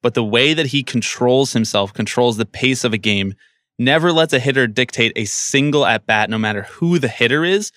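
A man's voice: mid-range voice, moderate pace, fairly bright tone, dry recording, clean studio sound. A young man on a podcast in casual chat, jokey and teasing, speaking with emphasis. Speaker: podcast panelist.

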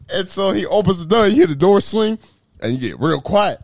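A man's voice: on the high side, normal speed, vocal fry, dry recording, clean studio sound. A young man telling a story in casual chat with friends, profane and laughing as he acts out the people in it. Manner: animated, profane, laughing while acting out quotes.

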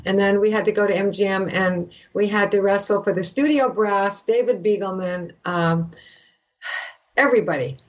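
An older woman from Canada, an actress guest, telling an animated story and acting out the voices of the people in it. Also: medium pitch, moderate pace, lo-fi sound. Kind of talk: animated anecdote in a podcast interview.

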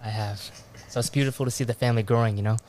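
A man, a podcast guest, making quick offhand remarks in casual chat. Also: mid-range voice, steady tone, darkish tone.

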